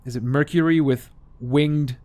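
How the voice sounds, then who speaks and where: A man's voice: a little high, fairly even intonation, unhurried, darkish tone. Rambling, jokey male game host. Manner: rambling, jokey, self-correcting asides. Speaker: let's play host. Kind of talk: casual gameplay commentary.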